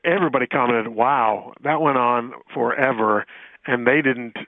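A man calling in to a radio show on a phone line, talking in a hesitant, halting way and laughing easily. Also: medium pitch, no room sound. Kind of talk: casual radio talk.

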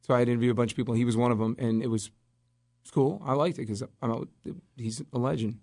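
A man's voice: mid-range voice, steady tone, fast, a little mellow, dry recording, clean studio sound. A man who hosts at another radio station, chatting casually on air, laughing along and teasing. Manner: easygoing, laughs along, teases.

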